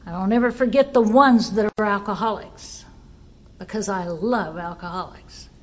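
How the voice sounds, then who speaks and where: A woman's voice: mid-range voice, normal speed, lo-fi sound. Earnest woman telling a recovery story. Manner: earnest storytelling, quotes others in dialogue. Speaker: recovery speaker sharing her story. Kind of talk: personal testimony talk.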